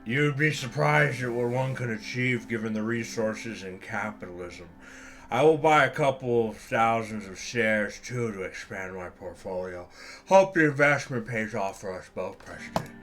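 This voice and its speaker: A man's voice: mid-range voice, normal speed, a bit bright, faint music behind, natural voice. A man voicing a smug, portly older male business tycoon, drawling and patronizing as he talks. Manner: drawling, self-satisfied, patronizing.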